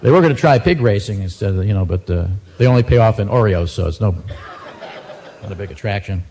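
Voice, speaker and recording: A man's voice: lowish voice, animated, fast talker, mellow, slightly rough. A man doing a stand-up monologue of joke news headlines, dry and self-mocking between the punchlines. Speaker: comedian.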